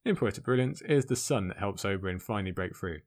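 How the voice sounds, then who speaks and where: A man giving an excited commentary on a fantasy book, speaking emphatically between the passages he reads out. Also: fairly low pitch, fast. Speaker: book reviewer.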